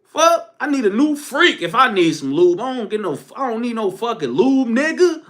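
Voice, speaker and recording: A young man giving a crude, animated solo commentary rant, laughing as he goes. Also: extremely high pitch, moderate pace. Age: young adult.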